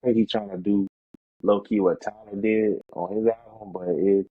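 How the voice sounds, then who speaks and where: A man co-hosting a podcast, chatting casually about music and now and then jumping into a high voice to imitate rappers. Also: normal speed, narrow, tinny audio. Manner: animated, mimics rappers in a high voice. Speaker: podcast co-host. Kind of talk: casual chat.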